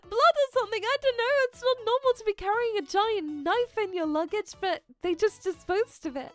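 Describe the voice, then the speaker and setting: A young adult woman streamer telling a story in a casual chat, animated and dramatic, laughing often. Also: very high-pitched. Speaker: VTuber streamer.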